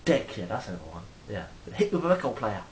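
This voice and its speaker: A man's voice: lowish voice, big pitch swings, fast talker, slight background noise, poor audio. Rambling man vlogging on a phone. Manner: rambling, swears freely, acts out quoted exchanges loudly. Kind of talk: casual monologue to camera.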